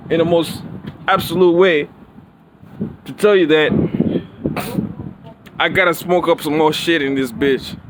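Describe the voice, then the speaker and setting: A man giving a profane, preachy, rambling monologue with lots of slang, recorded outdoors near traffic. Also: a little high. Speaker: vlogger.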